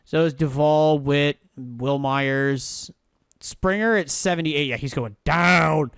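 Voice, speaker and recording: Guy streaming a baseball game, higher voice, smooth and clear, dry close mic, cussing and thinking out loud. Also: unhurried, dry recording. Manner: swears freely, mutters and thinks aloud. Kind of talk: casual live-stream commentary.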